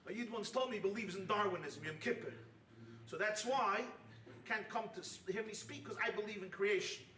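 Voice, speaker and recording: A man, a rabbi, giving an animated, humorous sermon at a retreat and acting out the people he quotes. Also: high voice, fairly quick, recorded from a distance, a crowd in the background. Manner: animated, acts out quoted voices, jokes. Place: retreat hall with audience. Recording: echoey hall, voice picked up from afar.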